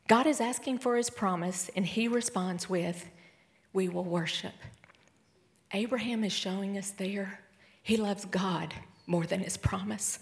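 Middle-aged woman, sermon testimony, emotional, swings from soft whisper to excited. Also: mid-range voice, moderate pace. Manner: emotional storytelling, swings between hushed whispers and excited bursts. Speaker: speaker at a church service.

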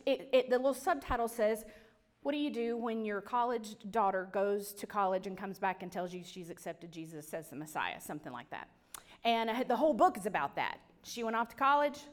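A woman telling a personal faith story, acting out voices and dropping to a near whisper at tense moments. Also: fairly high pitch. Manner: animated, acts out quoted voices, trails to a near whisper. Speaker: speaker sharing a personal testimony.

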